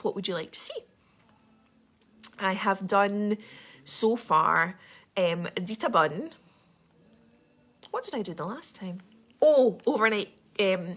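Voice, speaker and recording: A young Scottish woman with a posh accent, chatting quickly and rambling through a casual livestream. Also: fairly low pitch, fairly bright tone. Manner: fast, chatty, rambling with many ums. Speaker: livestream host.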